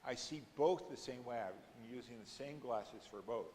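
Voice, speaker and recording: A man's voice: mid-range voice, normal speed, hardly any pauses, a little mellow, in a large hall, slight background noise. A man teaching an adult education class at a church, explaining scripture readings step by step and rising to emphatic moments when he quotes them.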